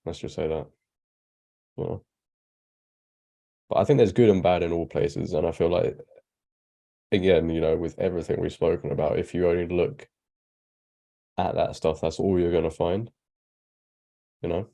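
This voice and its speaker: A man's voice: low-pitched, steady tone, normal speed, vocal fry, long pauses, dark tone. A man, co-hosting a podcast discussion in a blunt, opinionated way. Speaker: podcast co-host. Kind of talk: casual discussion.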